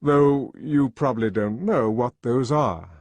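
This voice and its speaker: A man voicing a calm, authoritative world controller who lectures in a measured way. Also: mid-range voice, no room sound, voice pushed up, natural voice. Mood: lecturing.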